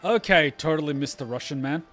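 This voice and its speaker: A man's voice: on the high side, fairly quick, a bit bright, soft background music. A man commentating a game playthrough, sarcastic and joking, swearing often in exasperation. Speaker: game reaction streamer. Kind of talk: casual gameplay commentary.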